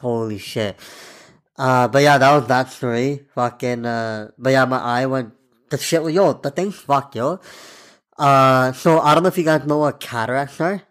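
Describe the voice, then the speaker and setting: Guy in his 20s, rambling podcast story, swears a lot, mid-pitched voice. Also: normal speed, a bit bright. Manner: loose, profane and rambling, full of fillers. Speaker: podcast host. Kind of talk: casual storytelling monologue.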